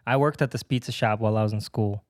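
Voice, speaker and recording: A young man on a casual podcast, telling a personal story in an animated way and laughing now and then. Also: lowish voice, fast, no room sound, studio quality. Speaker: podcast co-host. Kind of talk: casual chat.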